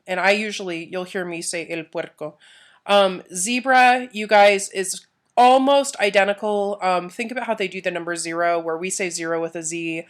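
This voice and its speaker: A young woman teacher giving a recorded review for a Spanish test, relaxed, with many "um" fillers, repeating key points and saying Spanish words with a Castilian accent. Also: mid-range voice, normal speed. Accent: Castilian Spanish when speaking Spanish.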